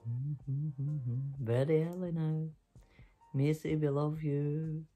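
Slow, soft-spoken woman storyteller. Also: low-pitched, fairly even intonation, faint music behind. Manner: soft, slow and affectionate, sing-song goodbyes. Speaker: storyteller and channel host. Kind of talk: cosy bedtime story sign-off.

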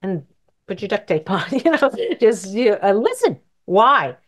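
A woman's voice: mid-range voice, sing-song, unhurried. A middle-aged woman hosting a talk show, giving casual, rambling marriage advice and acting out little dialogues. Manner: chatty, rambling, acts out dialogue. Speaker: host answering questions.

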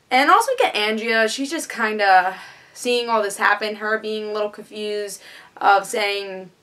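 Bright-voiced woman eagerly reviewing a TV episode. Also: mid-range voice. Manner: eager, chatty recap with many fillers. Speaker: TV show reviewer.

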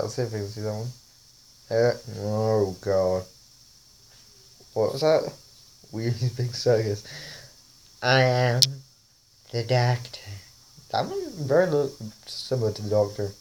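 A man's voice: fairly low pitch, fairly even intonation, unhurried, pauses often, a little mellow, slight background noise. A man casually talking over a face-swap app, rambling and often laughing. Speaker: vlogger.

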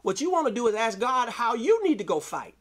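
High-voiced preaching man. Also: sing-song, a little fast. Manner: preaching with call-outs and scripture reading, rising to shouts. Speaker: pastor. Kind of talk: sermon.

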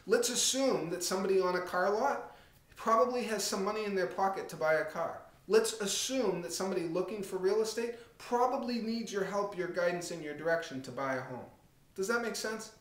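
Man, high voice, direct coaching talk, echoey room. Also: a little fast. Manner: direct, conversational, with animated acted-out anecdotes. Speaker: real estate coach.

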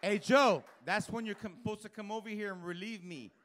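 A man's voice: high-pitched, steady tone, a little fast, a bit bright, a little hiss or hum. A man doing live stand-up in a comedy club, working the crowd with a brash, profane, teasing manner into a handheld stage mic.

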